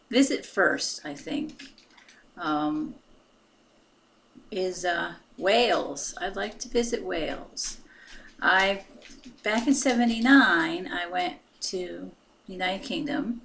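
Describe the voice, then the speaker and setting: A woman in her fifties with an American accent, talking in a soft-spoken, halting way in a casual personal vlog, pausing often. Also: on the low side, vocal fry, a little hiss or hum. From United States. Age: 50s. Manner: soft-spoken and halting, with many pauses and fillers. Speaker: vlogger.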